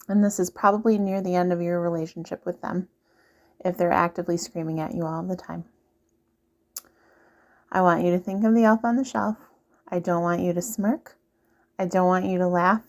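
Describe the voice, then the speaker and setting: A woman speaking earnestly and directly to the listener in a casual advice monologue, repeating her points. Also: fairly low pitch. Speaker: vlogger giving relationship advice.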